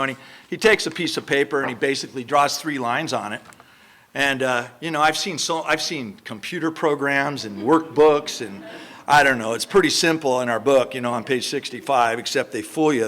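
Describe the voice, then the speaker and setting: A man's voice: mid-range voice, fairly quick, fairly bright tone. A man in his sixties from Southern California, speaking at a recovery meeting. He tells his personal story bluntly and earthily, with rambling "you know" asides. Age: 60s.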